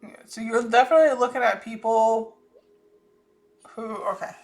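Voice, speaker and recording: A woman's voice: fairly high pitch, steady tone, moderate pace. A woman with a Southern US accent, talking casually through a psychic reading and thinking aloud with frequent restarts. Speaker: psychic channeler.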